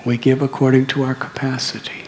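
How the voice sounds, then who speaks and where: A man's voice: mid-range voice, completely flat delivery, fairly quick, slight background noise. A man, telling a story in a sermon with dramatic swells. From United States. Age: 60s. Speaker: monk preacher.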